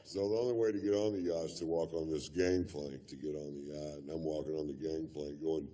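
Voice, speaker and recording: A man's voice: extremely low pitch, steady tone, fairly quick, mellow. A man doing stand-up comedy, telling a long story in a laid-back, profane drawl full of fillers.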